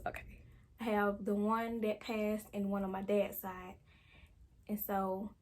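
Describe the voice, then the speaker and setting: A young adult woman telling a personal story to camera in a casual, conversational way, acting out quoted lines. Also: mid-range voice. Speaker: vlogger.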